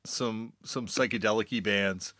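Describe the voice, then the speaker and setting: A man with a fairly low voice recalls old tours in easy, relaxed conversation. He sounds reflective and fills gaps with "like" and "um". The sound is dry and close. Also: a little slow, dry recording. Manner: relaxed, reflective, with filler words. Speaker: podcast guest, touring musician. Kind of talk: casual conversation.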